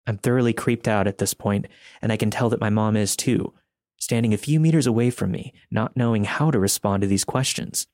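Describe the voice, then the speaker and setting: Low-voiced man narrating a horror story. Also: a little fast, darkish tone, dry recording, clean studio sound. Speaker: podcast host and story narrator.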